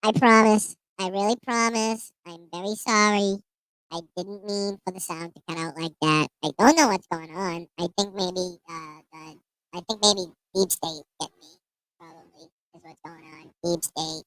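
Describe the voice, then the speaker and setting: A man's voice: sits high, fairly bright tone, dry recording, pitched above the performer's own voice, low-quality recording. A man doing a paranoid, mock-apologetic voice.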